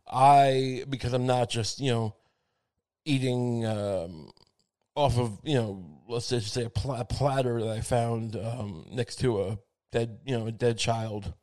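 A man rambling through a comic monologue, self-mocking and profane, with frequent halting restarts. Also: medium pitch, fairly even intonation, darkish tone.

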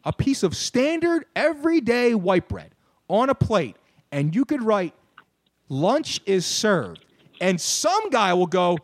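A young man rants on a podcast, his voice high for a man and swinging wildly in pitch. He curses freely and shouts his punchlines. The sound is close and dry, with no room around it. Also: slow pace, no echo. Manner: animated ranter, swears, shouts punchlines. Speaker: podcast co-host. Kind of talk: casual ranting chat.

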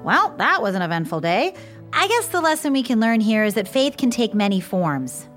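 A woman's voice: on the high side, sing-song, moderate pace, a bit bright, soft background music. A woman playing a breezy, cheerfully oblivious mother and wife in a comedy sketch.

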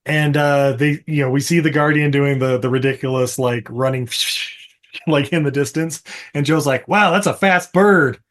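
Speaking at normal speed with a medium pitch that barely moves, this man co-hosts a podcast and loosely runs through a movie's plot. Frequent laughter and acted-out bits punctuate his rambling.

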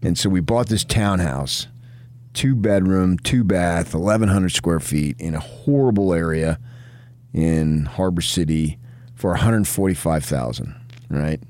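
A middle-aged man with a very low, deep voice, recorded dry and close. He is from New Jersey and rambles through anecdotes in a relaxed chat. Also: unhurried, no echo. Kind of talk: casual chat.

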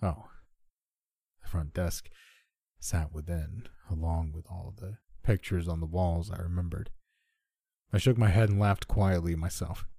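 A man narrates a horror story in a low, husky voice, keeping it measured and subdued. His tone is dark and mellow, and the sound is close and dry. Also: steady tone, no echo. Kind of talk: scripted first-person horror narration.

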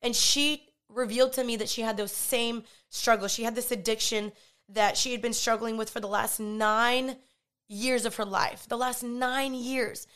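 A woman giving a personal faith testimony, retelling a conversation in an animated, earnest way and often quoting herself. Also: on the high side, normal speed, clear, resonant tone. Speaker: Christian vlogger and podcaster.

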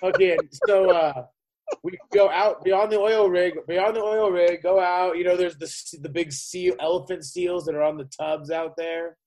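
A man with a high-pitched voice tells a story in loose, casual chat. He rambles, restarts his sentences and swears often. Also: steady tone, a little mellow, rough recording. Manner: rambling, profane, halting.

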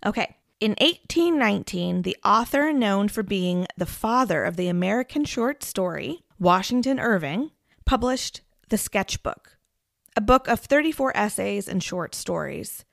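A woman's voice: mid-range voice, expressive, unhurried, gravelly, no echo, studio quality. A woman in her thirties hosting a podcast, telling a story in a chatty way and laughing often. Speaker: podcast host. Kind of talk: casual storytelling chat.

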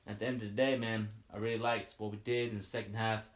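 Sports podcaster, man, low voice, eager fan recap, echoey room. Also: fast talker. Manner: excited fan, repeats "you know what I mean". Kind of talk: casual post-game fan recap.

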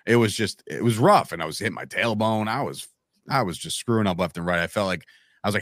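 A man telling stories as a podcast guest in a casual, animated way, acting out quoted lines and calling the listener "bro" and "man". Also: fairly low pitch, fast, no room sound, clean studio sound. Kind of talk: casual storytelling chat.

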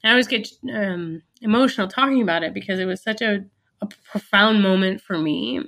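A woman's voice: medium pitch, a little fast, fairly bright tone. A woman who founded a business, telling an earnest, reflective story in an interview, with fillers and restarts.

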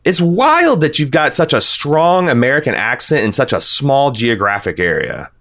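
A man's voice: mid-range voice, sing-song, normal speed, a bit bright. A man hosting a casual podcast discussion, talking in a rambling way with many restarts and fillers. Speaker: podcast host.

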